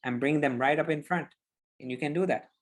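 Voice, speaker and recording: A man giving public speaking tips on a podcast over a video call, explaining in an animated, demonstrative way. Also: a little high, fast. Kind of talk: instructive podcast conversation.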